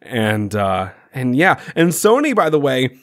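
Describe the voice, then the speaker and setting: A man's voice: mid-range voice, very animated, unhurried, a bit bright. A man co-hosting a podcast in casual chat, playful and self-mocking, rambling through jokes. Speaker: podcast co-host.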